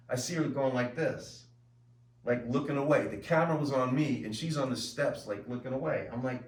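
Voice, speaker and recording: A man's voice: medium pitch, moderate pace. Chatty middle-aged man, echoey distant mic. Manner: chatty, lively storyteller with many fillers. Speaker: host. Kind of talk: casual chat from home. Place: home room with family.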